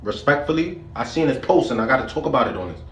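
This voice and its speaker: A man's voice: mid-range voice, big pitch swings, fast, roomy sound. A young man from the Bronx with a New York accent, hosting a joking vlog full of street slang. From New York City, the Bronx. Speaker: vlogger host. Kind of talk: comedic vlog skits.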